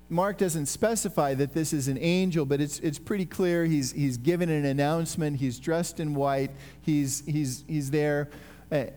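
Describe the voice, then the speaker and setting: High-voiced man preaching conversationally. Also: in a large hall. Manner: conversational, animated retelling with restarts. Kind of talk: sermon.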